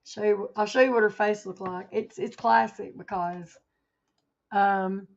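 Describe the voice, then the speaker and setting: Gravelly, chatty woman on a lo-fi stream. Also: mid-range voice, fairly even intonation, measured pace. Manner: chatty, reads headlines aloud, laughs often. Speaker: livestream host. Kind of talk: casual livestream chat. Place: home, indoors.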